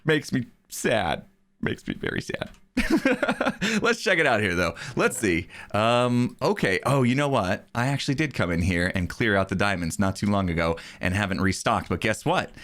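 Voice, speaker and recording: A man's voice: on the low side, animated, normal speed, hardly any pauses, a bit bright. A young man giving cheerful, chatty commentary while playing a video game, laughing often. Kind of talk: let's play commentary.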